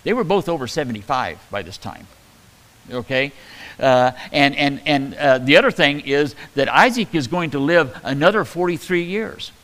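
Halting, chatty man teaching a sermon. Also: a little high, lively intonation, fairly bright tone, poor audio. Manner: conversational, halting, many fillers and restarts. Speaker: pastor.

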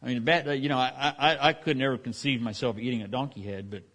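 A man's voice: mid-range voice, steady tone, fast talker, fairly bright tone. Conversational middle-aged male preacher. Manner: conversational, with frequent restarts and asides. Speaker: pastor. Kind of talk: sermon.

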